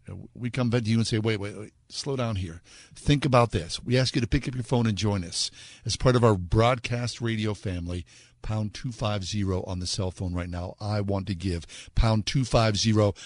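A man's voice: lowish voice, fairly even intonation, brisk, dry recording. A man co-hosting a radio show, making an earnest fundraising appeal with repeated calls to give. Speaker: radio co-host.

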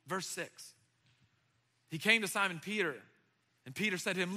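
A man preaching a sermon to young adults, animated and conversational, with frequent fillers and restarts. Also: high-pitched, unhurried, big-room sound. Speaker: pastor. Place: church hall.

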